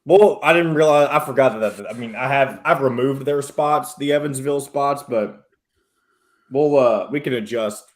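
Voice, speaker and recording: Chill producer guy on a sports radio show, middle pitched, easygoing. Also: moderate pace. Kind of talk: casual studio chat.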